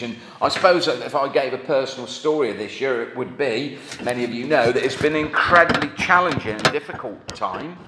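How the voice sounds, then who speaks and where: A middle-aged man preaching a sermon, earnest and conversational, with wry asides. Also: mid-range voice. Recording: echoey hall with faint noise.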